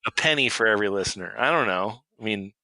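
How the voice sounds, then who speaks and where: Wry man with a bright, tense voice. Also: lowish voice, lively intonation, fast, no room sound, poor audio. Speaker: podcast co-host. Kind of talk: casual banter among friends.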